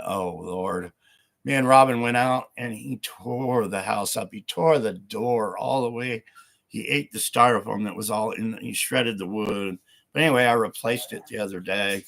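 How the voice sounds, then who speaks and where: A man's voice: mid-range voice, creaky, a bit bright. A man hosting a casual livestream from home, talking in a rambling, repetitive way full of fillers. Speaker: livestream host.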